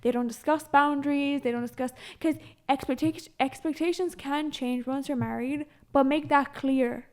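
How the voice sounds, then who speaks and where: A woman's voice: high-pitched, steady tone, moderate pace, hardly any pauses. A woman co-hosting a podcast in casual chat, talking in a chatty, emphatic, agreeable way. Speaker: podcast co-host.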